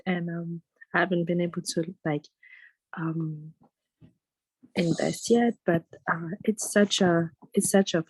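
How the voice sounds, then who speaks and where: Encouraging woman host, mellow voice. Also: on the low side, dry recording, low-quality recording. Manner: encouraging, warm affirmations. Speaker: study group host. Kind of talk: leading a group call. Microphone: video call.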